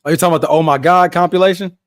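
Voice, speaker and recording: A man's voice: high-pitched, fairly even intonation, very fast, no room sound, clean studio sound. A young man hosting a live basketball watch-along podcast, chatting casually in slang and laughing often. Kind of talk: casual live game reaction.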